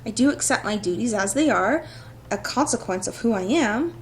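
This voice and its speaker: A woman's voice: a little high, lively intonation, normal speed, slight background noise, lightly acted. A woman voicing a dutiful, formal male town guard captain, reading a visual novel aloud in a stiff, proper way.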